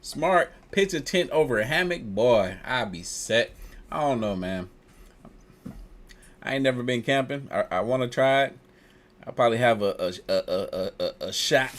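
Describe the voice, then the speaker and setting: A man's voice: medium pitch, fairly bright tone. A man hosting a reaction video, commenting in casual, slangy, joking asides.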